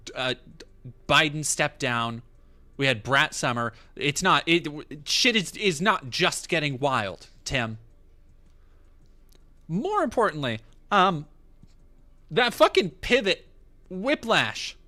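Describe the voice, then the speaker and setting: A man's voice: fairly high pitch, sing-song, slow, long pauses, sharp tone. A man casually commenting on clips as a streamer, sarcastic and swearing freely.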